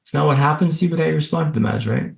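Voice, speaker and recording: Gravelly-voiced man telling a gripping story. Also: a little high, racing, roomy sound. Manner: vivid, punchy, self-deprecating humour. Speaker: podcast guest and speaker. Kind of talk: dramatic personal storytelling.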